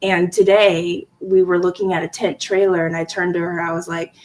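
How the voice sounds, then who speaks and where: A woman in her forties telling family stories in a casual chat, animated and laughing often. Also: fairly low pitch, normal speed, a little hiss or hum, rough recording. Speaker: guest in a live chat stream.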